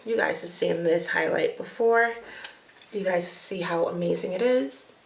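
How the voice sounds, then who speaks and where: A woman's voice: fairly low pitch, measured pace, vocal fry, echoey room. A young woman from the Bahamas, chatting to camera as a beauty vlogger, rambling and laughing at herself. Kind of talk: casual chat to camera.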